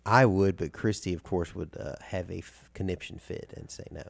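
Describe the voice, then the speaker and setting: A man's voice: low-pitched, moderate pace, creaky, dry recording, clean studio sound. A man talking casually, hesitant and mumbling through fillers. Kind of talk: casual chat.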